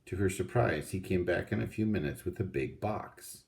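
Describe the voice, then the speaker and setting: Man, audiobook reader, storybook read-aloud, steady and unhurried, dark mellow tone. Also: low-pitched, gravelly.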